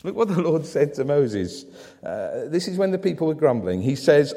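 A man preaches with animated emphasis, often turning to question his listeners. His voice sits fairly high for a man. The sound carries a long reverb, as in a church hall. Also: normal speed. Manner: animated, asks the congregation questions. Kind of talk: sermon.

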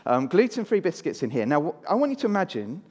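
A preacher gives a children's talk during a church service, speaking fast with big pitch swings in a slightly high, darkish voice. He draws the congregation in and has them repeat words along with him, all under long church reverb.

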